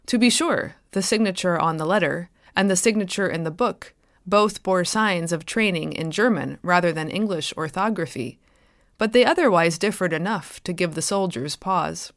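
A woman's voice: lowish voice, dry recording, studio quality. Woman author reading her story aloud. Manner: clear, measured storytelling. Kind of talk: scripted narration.

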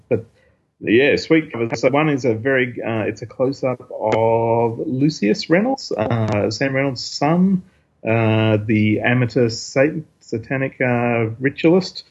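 Husky guy rambling through a comic recap, lots of ums, dull lo-fi sound. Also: mid-range voice, measured pace. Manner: rambling, many fillers, reads quotes aloud. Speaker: podcast host reviewing comics. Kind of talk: casual recap of a comic issue. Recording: dull lo-fi recording.

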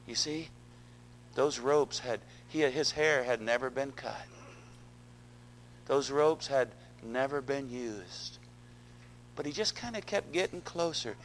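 A man's voice: medium pitch, slow, long pauses, a bit bright, a little hiss or hum, poor audio. Male pastor, sermon delivery, earnest and repetitive, mid-range voice. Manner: earnest, repeats words, addresses congregation.

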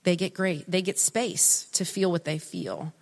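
A middle-aged woman giving an earnest, animated talk, often interrupting herself. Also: lowish voice, measured pace, vocal fry, big-room sound. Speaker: speaker on family relationships. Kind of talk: casual talk.

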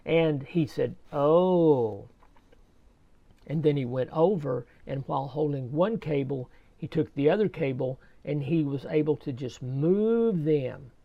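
A man slowly telling a personal faith story in a casual, halting way, often repeating his words. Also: on the high side, gravelly, narrow, tinny audio. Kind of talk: casual spoken testimony.

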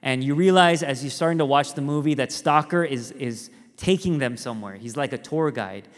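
A pastor giving a conversational sermon, telling stories with animated rises and quiet, earnest drops. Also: male voice, medium pitch, normal speed. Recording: reverberant hall.

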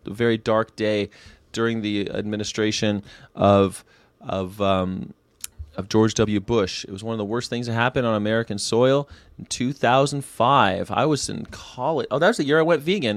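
A man's voice: fairly low pitch, no room sound. A man in his late thirties hosting a daily vegan show, chatting casually and irreverently about history, rambling, swearing and firing off rhetorical questions. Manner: rhetorical questions, wry commentary.

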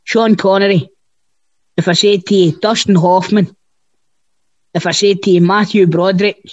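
A man's voice: high-pitched, steady tone, normal speed, no room sound. A man, chatting casually about films and cracking jokes. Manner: jokey, swears, storytelling. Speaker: podcast co-host. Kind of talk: casual chat. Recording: dull lo-fi dry sound.

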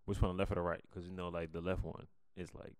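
A man with a fairly low voice chats casually as a podcast co-host, deadpan and unhurried. He has a slight stutter and restarts his phrases. The sound is dry and close-miked. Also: no room sound. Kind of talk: casual chat.

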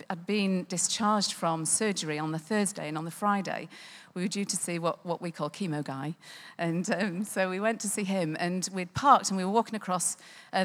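A woman recounts a personal faith testimony. She speaks conversationally, with frequent ums and small restarts. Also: fairly low pitch.

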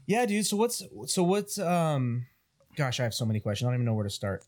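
Excitable, eager podcast host man. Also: medium pitch, a little fast. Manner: eager, excitable, swears casually. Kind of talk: casual podcast chat.

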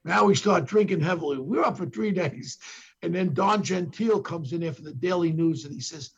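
A man's voice: fairly high pitch, a little fast, vocal fry, husky, muffled recording. An older man with a New York accent, a former detective telling police stories as a podcast guest and acting out what the people in them said. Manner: acts out quotes from others with emphatic bursts. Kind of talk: animated storytelling.

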